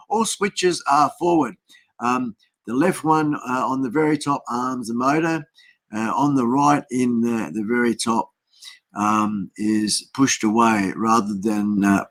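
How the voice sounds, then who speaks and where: This livestream host is a middle-aged Australian man with a medium-pitched, slightly bright voice. Sitting at his home desk, he chats casually and meanders through hellos to viewers, using lots of filler words.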